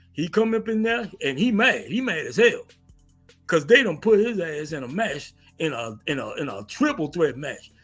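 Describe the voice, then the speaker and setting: A man hosting a casual, animated wrestling recap, stammering and repeating himself as he talks. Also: high-pitched. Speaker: wrestling commentary host.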